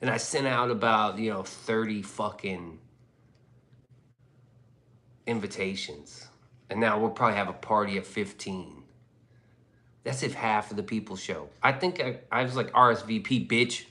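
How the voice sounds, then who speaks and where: A man's voice: on the low side, measured pace, long pauses, pushed and bright. A man hosting a livestream in rambling casual chat, profane and loose, often laughing. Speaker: livestream host.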